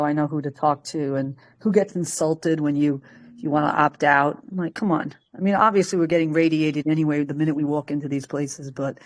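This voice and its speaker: Brief: woman from Peru, lower voice, chatty call participant who laughs and acts out quotes. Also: a little mellow. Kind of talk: casual chat.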